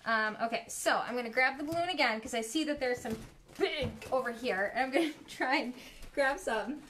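A woman hosting a live paint pouring demo from her home studio, chatting with viewers in a giggly, easily excited way. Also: high voice, moderate pace, slight background noise. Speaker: art studio host. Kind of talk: live craft demo chat. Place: home studio, dogs in the house. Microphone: live stream from a phone or camera.

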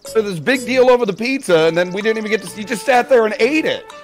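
A man's voice: sits high, animated, fast, soft background music. A man chatting on a live stream voice call, joking and teasing with a laugh never far off. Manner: jokey, laughs often, teasing. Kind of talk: casual chat over voice call.

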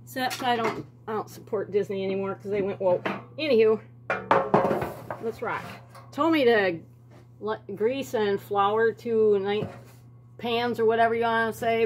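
A woman's voice: mid-range voice, very noisy. Folksy woman chatting while baking. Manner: folksy, self-talking, rambling asides. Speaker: home cooking vlogger. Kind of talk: casual kitchen chat. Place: home kitchen.

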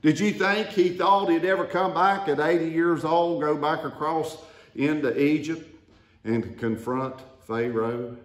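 A man's voice: fairly high pitch, a little slow. A man preaching a sermon, calling the congregation to answer and building to emphatic declarations. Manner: call-and-response preaching, rising to emphatic declarations. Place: church sanctuary. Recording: roomy church echo.

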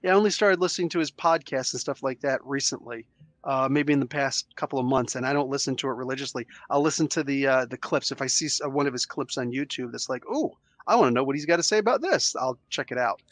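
A man's voice: mid-range voice, fast, dry recording. A man co-hosting a podcast, chatting casually and ranting animatedly. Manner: animated ranting, does impressions. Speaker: podcast co-host.

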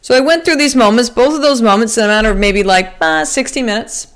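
A woman's voice: fairly high pitch, fast. A woman hosting a podcast in a casual monologue, earnest and motivational, swearing freely and restarting her sentences. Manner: earnest and motivational, addresses listeners as sister. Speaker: podcast host.

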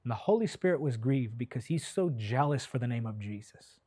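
A man's voice: medium pitch, lively intonation, husky, no echo. Impassioned preacher man, dry close sound. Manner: impassioned, swells loud then drops soft; slow, drawn-out delivery when stressing key words. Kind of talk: sermon.

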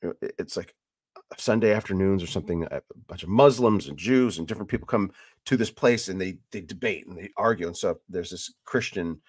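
A man with a fairly low voice hosts a casual Bible teaching podcast. He rambles and restarts often, then punches words out with sudden emphasis. The sound is dry and close. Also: fairly quick, husky, no room sound. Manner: animated and rambling, with many restarts and emphatic bursts. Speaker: podcast host.

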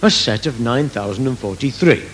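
A man's voice: medium pitch, animated, moderate pace. Male stand-up comic, rambling storytelling, laughs at own jokes, faint noise. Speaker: comedian. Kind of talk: stand-up comedy. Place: live theatre stage.

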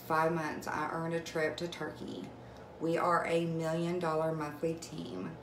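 A young woman chatting live on camera at home, excited and emotional as she gushes about beauty products. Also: low-pitched. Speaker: direct sales vlogger. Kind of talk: casual live video chat. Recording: echoey room with faint noise.

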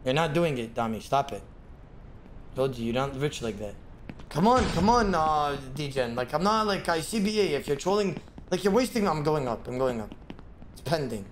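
Excitable streamer man prone to yelling. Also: mid-range voice, moderate pace, slight background noise. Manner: excitable, bursts into loud yelling and laughter; talks to himself and to chat. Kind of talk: live game streaming commentary.

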